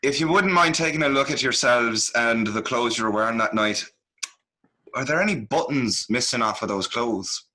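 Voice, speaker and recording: A man's voice: mid-range voice, moderate pace, pushed and bright. A man playing a tabletop game, asking questions in character in a playful way. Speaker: player.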